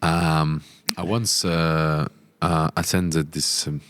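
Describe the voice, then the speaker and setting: A young man with a very deep voice, a Latvian native speaker hosting a podcast. He asks his questions hesitantly, with many pauses and fillers as he searches for words. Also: little pitch movement, a bit bright. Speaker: podcast host, club co-owner. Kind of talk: interview questions.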